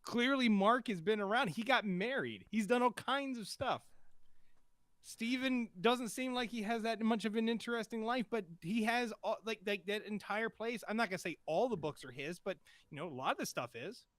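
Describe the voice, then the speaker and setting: Higher-voiced man musing in casual chat. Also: normal speed, a bit bright, no room sound, studio quality. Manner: hesitant, many fillers and restarts, speculative. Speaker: podcast co-host. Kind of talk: casual TV episode review chat.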